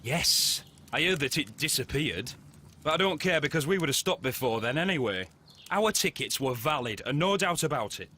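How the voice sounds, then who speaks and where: A man's voice: on the high side, animated, moderate pace, pushed and bright. An actor playing an aggrieved male train passenger in a video game, complaining bitterly. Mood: indignant.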